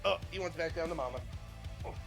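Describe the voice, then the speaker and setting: A man's voice: a little high, fast talker, creaky, music in the background. A man hosting a livestream, chatting casually and joking with viewers in a rambling way. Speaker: stream host.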